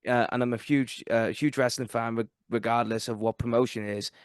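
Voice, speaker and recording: Excitable South Welsh podcast host. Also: male voice, medium pitch, brisk, no echo, studio quality. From South Wales. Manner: animated, excitable storyteller. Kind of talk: casual podcast chat.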